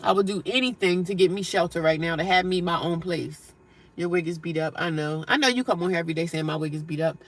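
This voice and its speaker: A woman's voice: on the low side, quick pace. A woman live-streaming from her car, reading viewer comments aloud and scolding trolls in a blunt, sarcastic way. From United States. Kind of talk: casual live-stream chat.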